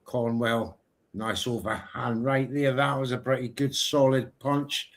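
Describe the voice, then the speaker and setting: A British man co-hosting a live boxing watchalong from a home streaming setup. He is excitable and energetic in his play-by-play. His voice sits at a middling pitch. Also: a little slow. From Britain. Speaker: co-host.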